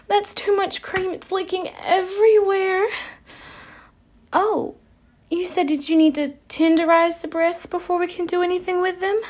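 Brief: woman playing a cheeky kitchen helper in an adult audio role-play, put-on Southern accent, high, slow, breathy and coy. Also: darkish tone. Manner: coy, breathy, teasing, drawn-out sighs.

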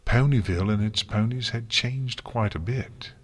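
A man narrating a storybook reading in a steady, even manner. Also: medium pitch, normal speed, breathy edge.

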